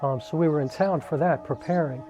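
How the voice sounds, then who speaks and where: A singer from the New York area tells a personal family story to camera, speaking a little fast over music. His voice is on the high side, and he's casual and conversational, saying "um" and "like" often.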